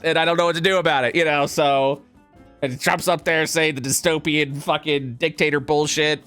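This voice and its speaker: Guy ranting on a podcast, kinda high voice, swears constantly, keeps repeating himself, some faint music under it. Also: fairly even intonation, normal speed, a bit bright, smooth. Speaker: podcast co-host. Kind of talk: casual podcast chat.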